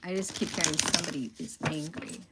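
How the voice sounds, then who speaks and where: A woman giving a tarot reading, musing aloud in a slow, pausing way about what she senses. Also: deep voice, heavy background noise. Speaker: tarot reader.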